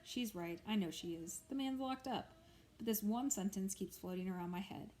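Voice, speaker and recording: A woman reading a novel aloud in a steady storytelling voice. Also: lowish voice, a little fast, a little hiss or hum, low-quality recording. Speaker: audiobook reader. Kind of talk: scripted narration of a novel.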